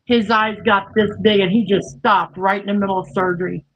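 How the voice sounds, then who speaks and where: A woman hosting a livestream, telling a personal story in a lively, folksy way and acting out what people said. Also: medium pitch, a little fast, lo-fi sound. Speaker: livestream host. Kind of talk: casual storytelling.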